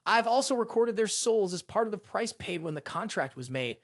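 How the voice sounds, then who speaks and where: A man voicing a proud, furious male sun god who rants indignantly in a high, lively voice. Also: moderate pace, dry recording, studio quality. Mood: calm. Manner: indignant, ranting.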